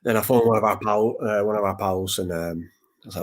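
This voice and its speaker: A man's voice: fairly low pitch, fairly quick. A man hosting a podcast, talking casually about grief and acting out old conversations in a rambling, repetitive way. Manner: rambling, repeats words, acts out past conversations. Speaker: podcast host.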